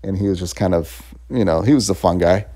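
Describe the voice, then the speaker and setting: Low-voiced man chatting through a review. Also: a little fast, dark tone. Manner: rambling and chatty, laughs often, fillers and restarts. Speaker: game reviewer. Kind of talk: casual spoken game review.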